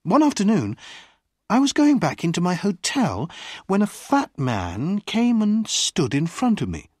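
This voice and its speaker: Lively breathy storybook reader. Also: medium pitch, measured pace, no room sound, studio quality. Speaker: audiobook reader. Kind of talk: slow scripted narration for learners.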